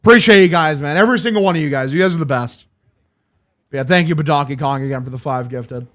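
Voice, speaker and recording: A young man streaming a game watch-along, calling the plays and excitedly thanking his chat, swearing freely. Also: a little high, fast talker. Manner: hyped, profane, thanking chat. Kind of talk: live watch-along play-by-play.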